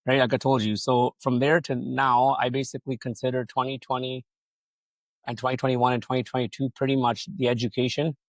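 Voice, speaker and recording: Fairly quick with a level tone and medium pitch, the guest tells his business story as a solar company founder on a podcast. It's a loose, profane ramble where he performs other people's lines, recorded without echo.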